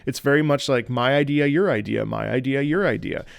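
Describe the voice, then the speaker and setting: A man's voice: mid-range voice, brisk, vocal fry, no room sound. A man hosting a music reaction, explaining a song in a casual, musing way. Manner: musing, explanatory, often hums or sings lines.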